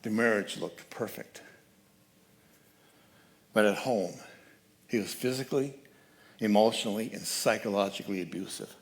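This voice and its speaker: A man giving a sermon as guest speaker at a church, telling a story with lively changes of voice. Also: fairly low pitch, moderate pace, pauses often. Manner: animated storyteller, acts out quoted voices. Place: church sanctuary.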